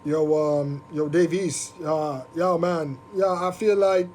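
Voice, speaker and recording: A man voicing a swaggering male rapper in a deliberately bad, exaggerated put-on Jamaican accent. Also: fairly high pitch, steady tone, darkish tone, a little hiss or hum. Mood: coaxing.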